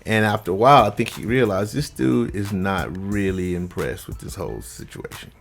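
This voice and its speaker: A man, a vocal coach, telling a story to his viewers in a relaxed, conversational way and acting out what others said. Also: on the low side, moderate pace, vocal fry, slight background noise. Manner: lively anecdote telling, acts out the other people's lines; relaxed, conversational, with frequent fillers. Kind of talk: casual storytelling to camera.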